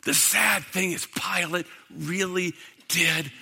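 A man preaching a sermon to a congregation, dramatic, swinging from loud to hushed. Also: high-pitched, steady tone, takes it slowly, gravelly, breathy edge. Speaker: pastor. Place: church sanctuary. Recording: long hall reverb.

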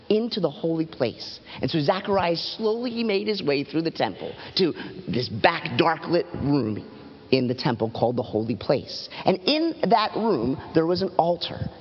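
A man telling a Bible story to children from a church platform in a dramatic, animated storytelling voice. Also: breathy edge, in a large hall, highs cut off. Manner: dramatic, animated storytelling with big pitch swings. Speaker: children's pastor.

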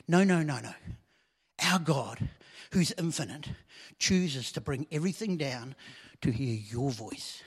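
Male preacher, slightly high voice, conversational sermon with loud swells, long hall echo. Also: breathy edge.

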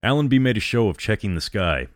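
A man reads a dramatic story aloud with measured gravity. His voice is deep and low. The sound is close and dry, with no room around it. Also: big pitch swings, dry recording. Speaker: narrator.

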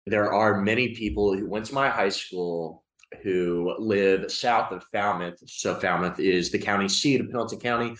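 Deep-voiced man with a Kentucky Southern accent. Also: moderate pace, fairly bright tone, roomy sound, low-quality recording. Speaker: reporter. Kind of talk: casual interview answers.

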